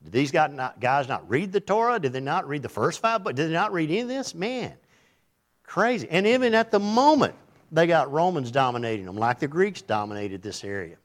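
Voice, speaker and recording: A man preaching a sermon in a folksy, teasing way, swinging between loud and hushed delivery. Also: fairly high pitch, very animated, fairly quick. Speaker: pastor.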